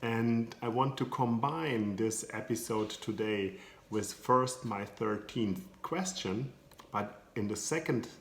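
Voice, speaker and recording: A man's voice: medium pitch, takes it slowly, slight background noise. A man with a German accent, a coach giving an educational video talk in English with hesitant, non-native phrasing and many filler sounds. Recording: echoey room.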